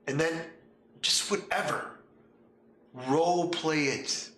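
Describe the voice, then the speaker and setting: A man's voice: on the high side, expressive, measured pace, bright, forceful tone, echoey room, faint music behind. A man hosting a casual talk show as a game master, speaking emphatically and repeating points through rhetorical questions. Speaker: podcast host and game master.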